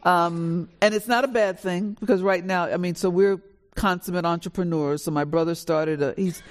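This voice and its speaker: A woman, an author on a panel, telling stories on stage before a live audience, lively and animated, acting out the dialogue with big swings in pitch. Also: normal speed. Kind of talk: animated storytelling.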